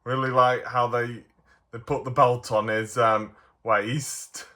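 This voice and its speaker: A man's voice: medium pitch, little pitch movement, takes it slowly, pushed and bright. A man reviewing toy figures in a casual, playful way, giggling often.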